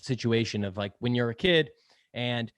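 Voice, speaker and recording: A man's voice: medium pitch, moderate pace, fairly bright tone, clear, resonant tone, no room sound. Chatty man who laughs and swears. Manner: rambling, filler-heavy, laughs often, swears casually. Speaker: podcast guest, sales podcast host. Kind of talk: casual interview chat.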